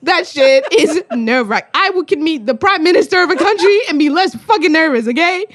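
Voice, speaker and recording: A young woman from Australia, a spoken word poet, telling stories in a casual conversation, animated and swearing freely. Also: extremely high pitch, brisk, no echo. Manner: animated, swears freely, acts out voices in anecdotes.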